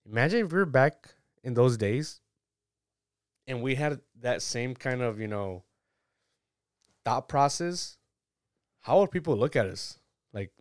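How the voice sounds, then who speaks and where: A man preaching in a relaxed, conversational way, taking his time over every phrase. His voice is clear and smooth, with a dry, close sound and no room echo. He often laughs at himself between points. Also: mid-range voice, measured pace, long pauses. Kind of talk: casual conversational sermon.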